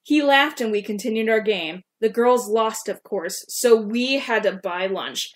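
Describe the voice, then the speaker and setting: Girl with a slightly high voice reading her old fanfic out loud on a podcast, stopping to comment on it. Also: unhurried. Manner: reads dialogue aloud and stops to comment on her own writing. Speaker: podcast co-host. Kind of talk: casual reading aloud of her own old fan fiction.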